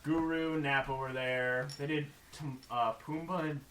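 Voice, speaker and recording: Recorded in a noisy, echoing room at an anime convention, a man co-hosting a podcast retells convention stories, laughing animatedly and performing the quotes. His voice is mid-range and his pace unhurried.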